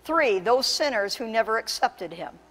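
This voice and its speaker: A woman pastor preaching a sermon with impassioned, emphatic delivery that surges to loud peaks. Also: a little high, lively intonation, moderate pace, long reverb tail. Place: church sanctuary.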